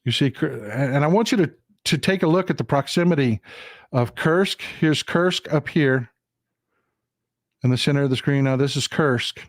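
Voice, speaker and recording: Clean studio sound with no room sound carries this Texan host's mid-range voice at a moderate pace. On his live-streamed political commentary show, he talks through a map and emphatically repeats lines for stress.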